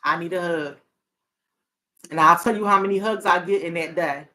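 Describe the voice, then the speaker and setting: A woman's voice: fairly low pitch, normal speed, pushed and bright. A woman hosting a talk show as a therapist, speaking earnestly in a casual, heartfelt way. She often restarts her sentences and breaks into laughter.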